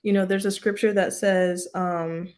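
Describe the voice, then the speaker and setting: A woman teaching a casual Bible study in a chatty way, full of "like" and "um" and quick laughs. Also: lowish voice, steady tone, darkish tone. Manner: chatty, lots of "like" and "um", laughs often.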